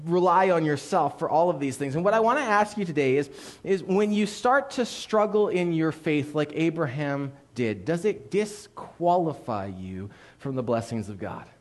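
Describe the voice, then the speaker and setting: A man in a church sanctuary delivering a sermon with a fairly high voice. He tells the story with lively asides to the congregation, joking one moment and earnest the next. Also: moderate pace. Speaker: pastor.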